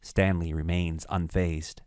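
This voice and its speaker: A man narrating a screenplay's stage directions in a measured, matter-of-fact way. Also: low-pitched, level tone, darkish tone, no room sound, clean studio sound.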